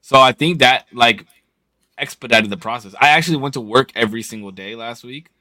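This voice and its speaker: A young man co-hosting a casual podcast, with a bright, forceful voice. He talks bluntly and swears often. He opens up candidly about his son. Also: medium pitch, a little fast, no echo. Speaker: podcast co-host.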